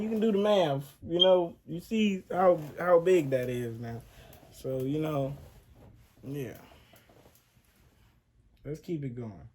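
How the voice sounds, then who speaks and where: A man's voice: on the high side, mellow. A young man, talking casually over pictures in loose, slangy speech with frequent restarts. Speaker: channel host.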